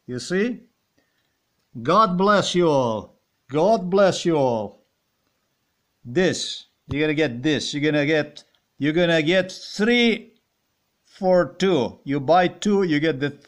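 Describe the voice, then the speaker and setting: A man with a Slovenian accent rambling and ranting in a monologue, swearing and firing off repeated rhetorical questions. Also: a little high. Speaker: vlogger.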